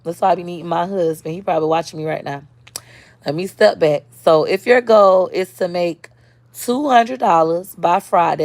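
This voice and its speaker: A woman with a lowish, darkish voice answers viewer comments on a live stream as a social media creator, speaking casually and bluntly. There is no echo.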